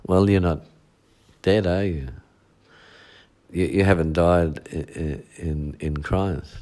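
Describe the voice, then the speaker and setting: Slow deep-voiced pastor preaching. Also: male voice, fairly even intonation, warm tone. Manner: preaching with repetition and rhetorical "eh?". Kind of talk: midweek sermon.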